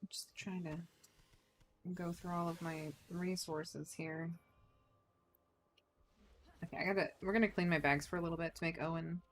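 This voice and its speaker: A woman's voice: fairly low pitch, fairly even intonation, normal speed, pauses often, a little hiss or hum. Chatty woman streaming a game. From United States. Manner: chatty, playful, giggly, talks to chat. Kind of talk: casual chat while gaming.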